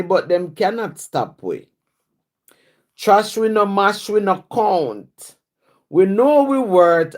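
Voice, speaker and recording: A woman from Jamaica with a Jamaican accent, a writer reciting her own rhyming poems in a rhythmic patois cadence and chatting casually with viewers on a live stream. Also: fairly low pitch. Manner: rhythmic rhyming recitation in patois, then relaxed chat with fillers. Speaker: writer and poet.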